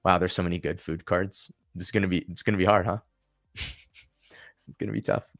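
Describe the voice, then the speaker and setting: Man, low voice, casual livestream host, chatty, thinks out loud, restarts sentences. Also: fairly even intonation, a little fast, vocal fry. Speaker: channel host.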